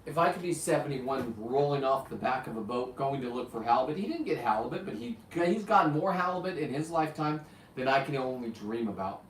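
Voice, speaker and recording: A man's voice: mid-range voice, expressive, a little fast, a little hiss or hum. A man in his fifties hosting a live show, talking bluntly in a rambling, profane way. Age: 50s. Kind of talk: rambling live-stream chat. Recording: roomy, distant mic, faint ambience.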